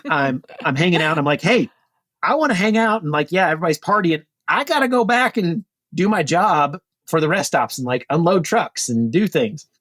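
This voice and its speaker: This podcast guest, a retired pro cyclist in his forties, speaks briskly with barely a pause in a voice on the high side. He tells his story casually but animatedly, acting out lines in a raised voice, and the studio-quality recording is dry.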